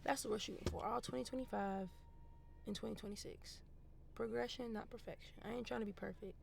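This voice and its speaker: Gravelly-voiced woman vlogging over traffic noise. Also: on the high side, brisk. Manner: animated, talks herself through her plans, thinking aloud. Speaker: vlogger and filmmaker. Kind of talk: casual vlog talk to camera. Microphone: camera mic.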